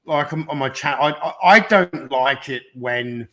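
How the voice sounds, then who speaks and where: A man's voice: medium pitch, a little slow, a bit bright. A man hosting a casual live Q&A, reading out viewer questions and joking at his own expense. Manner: self-deprecating, joking.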